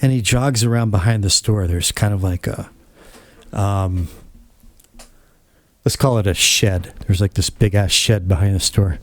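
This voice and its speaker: A man's voice: on the low side, measured pace, pauses often, no room sound. A man hosting his own channel, telling a casual story in a rambling, blunt and opinionated way. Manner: rambling, acts out quoted dialogue. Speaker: channel host.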